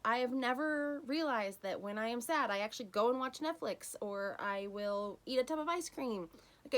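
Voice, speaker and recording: A woman hosting a solo self-help podcast, talking in an earnest, encouraging way and softening to near-whispers on key phrases. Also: mid-range voice. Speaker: podcast host.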